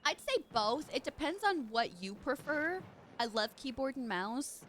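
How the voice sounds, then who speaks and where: A young woman streaming a game, chatty and playful, with a congested voice. Her pitch runs a little high and very lively. Faint noise sits underneath. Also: a little slow. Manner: chatty, playful asides to chat. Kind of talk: casual live game stream commentary.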